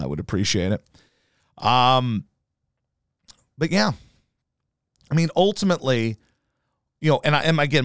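A man's voice: lowish voice, dry recording, studio quality. A man hosting his own podcast, ranting in a profane, combative, rambling way. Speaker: podcast host.

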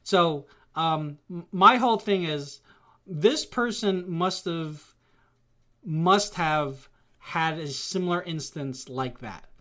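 A speaker in casual chat who rambles and talks in an animated way, often acting out what others say. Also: mid-range voice, slow. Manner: rambling, animated, acts out quotes.

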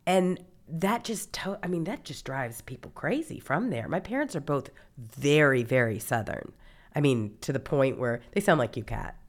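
A woman from Mississippi hosts a casual political talk show, sounding indignant and exasperated as she reads out quotes. Her voice sits notably low for a woman. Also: lively intonation, moderate pace. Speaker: host.

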